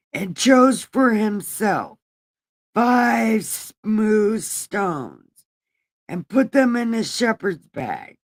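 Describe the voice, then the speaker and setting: Slow irreverent woman reading scripture. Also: mid-range voice. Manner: profane slangy paraphrasing, asides to viewers. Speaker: livestream host reading scripture.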